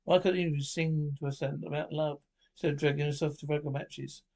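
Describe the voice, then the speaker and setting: A man reading a comedy film script aloud, voicing several characters in quick back-and-forth exchanges. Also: fairly high pitch, little pitch movement, vocal fry, a little mellow.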